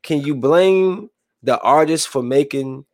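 A man's voice: fairly high pitch, slow, dry recording, studio quality. A man commenting casually on news headlines, reading them aloud and then rambling and venting about them in a loose, conversational way. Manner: rambling, loose, stops to react and vent; reads headlines aloud in a flatter tone. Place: room with a window.

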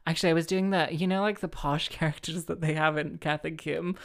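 A woman's voice: low-pitched, steady tone, a little fast. A woman hosting her own show, talking in a rambling, self-mocking way, full of fillers, restarts and giggles. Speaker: solo show host and harpist. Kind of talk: rambling casual monologue.

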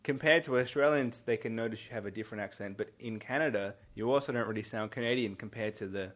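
Male co-host, casual chat; steady, patient explainer. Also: fairly low pitch, fast talker. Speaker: podcast co-host.

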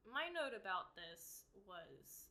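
A woman's voice: medium pitch, sing-song, slow, a crowd in the background. A woman co-hosting a casual podcast, recapping a movie with jokey, chatty fact-checking asides. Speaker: podcast co-host.

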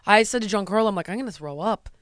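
A woman's voice: medium pitch, rapid-fire, dry recording, clean studio sound. A woman in her forties, a TV show creator and star, telling stories expressively in casual chat. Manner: expressive, acts out quotes with shouty kid voices. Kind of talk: animated storytelling chat.

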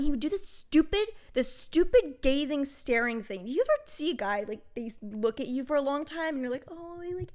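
A young woman co-hosting a podcast, talking bluntly in casual chat with many fillers. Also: on the high side. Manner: chatty, blunt, full of fillers. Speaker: podcast co-host.

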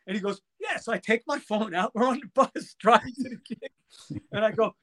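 A man guest in a casual chat, telling a story excitedly and acting out the dialogue. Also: high voice, fairly quick. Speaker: guest musician.

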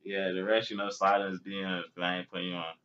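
A man in his twenties hosting a podcast, talking in animated slang and laughing often. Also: low-pitched, fast talker. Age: 20s. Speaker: podcast host. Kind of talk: casual chat. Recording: dull lo-fi podcast audio.

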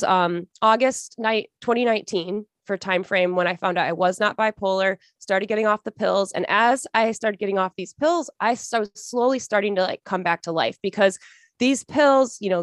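A woman's voice: medium pitch, normal speed, no echo. Earnest emotional woman, dry close sound. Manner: earnest, emotional, rambling with many restarts. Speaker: podcast guest. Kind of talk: casual storytelling interview.

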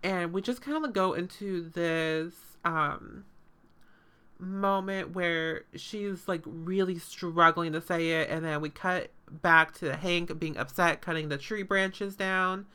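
A woman's voice: lowish voice, takes it slowly, sharp tone, smooth. A woman hosting a podcast, recapping a show in casual, sarcastic chat full of fillers and swearing.

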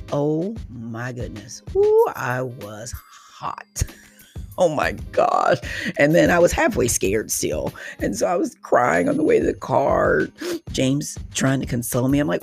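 A woman hosting a solo podcast, telling a personal story in an animated way, with frequent exclamations and laughing at herself. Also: low voice, unhurried, vocal fry, slightly rough, soft background music. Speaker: podcast host.

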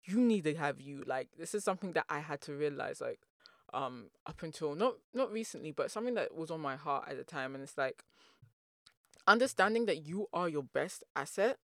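An energetic, bubbly man from Nigeria talks straight into a dry, close mic, hosting a solo motivational podcast. His voice sits a little high for a man. He jumps between playful slang and earnest pep talk. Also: a little fast, no echo. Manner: slangy, calls listeners "boo boo". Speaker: podcast host.

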